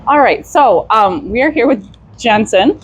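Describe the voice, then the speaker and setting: A woman hosting a casual interview chat, friendly with quick reactions. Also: a little high, animated, slightly rough. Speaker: podcast host.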